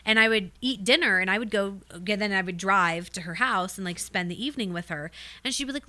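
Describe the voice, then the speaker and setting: A woman's voice: mid-range voice, fast, bright, forceful tone. A woman from Ohio in her thirties, a news anchor chatting as a podcast guest, enthusiastic and emphatic, often laughing. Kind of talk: casual chat.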